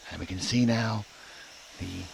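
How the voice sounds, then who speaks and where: A man putting on the voice of a hushed nature documentary narrator, talking softly and with mock reverence. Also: on the low side, measured pace, vocal fry, a little hiss or hum, pitched below the performer's own voice, rough recording. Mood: hushed, mock-reverent.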